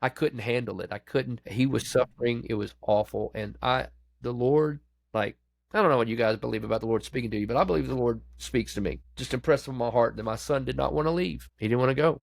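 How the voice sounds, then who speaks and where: Brisk, with vocal fry, a pastor sits for a podcast interview and openly shares how grief shaped his faith, talking plainly. He voices the people he quotes and grows hushed and low when the grief comes up. No room sound.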